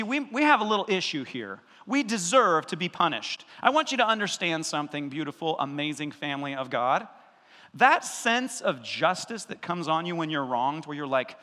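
A male pastor preaching a sermon in an animated, conversational way, acting out voices and adding asides. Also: a little high, big-room sound.

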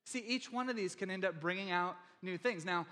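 Bright-voiced pastor in an echoing church. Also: male voice, high voice, brisk. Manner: conversational, with many fillers and restarts. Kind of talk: sermon. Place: church sanctuary. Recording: long hall reverb in a church.

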